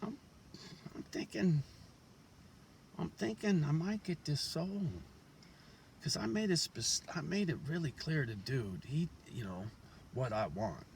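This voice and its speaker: Talking around a toothpick, a man with a lowish voice gives a rambling, casual monologue to camera outside his house while showing it. He's blunt, profane and full of street slang, and slight background noise is audible.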